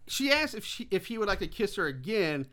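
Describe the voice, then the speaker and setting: A man's voice: high-pitched, fairly quick. A man casually recapping a movie scene by scene on a podcast, acting out quoted lines as he goes. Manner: lively storytelling, acts out quoted lines. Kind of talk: casual profane chat.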